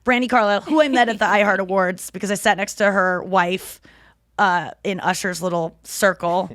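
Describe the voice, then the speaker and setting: Medium in pitch and fairly even in intonation, this woman's voice moves at a moderate pace with a fairly bright tone, recorded in a studio without echo. The podcast host, in her thirties, chats casually, rambling through stories and cursing without restraint.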